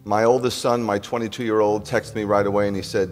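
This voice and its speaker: A man's voice: lowish voice, little pitch movement, fairly quick, hardly any pauses, in a large hall, faint music behind. A man preaching a sermon to his congregation as their rabbi, speaking conversationally and pressing listeners with emphatic repeated questions.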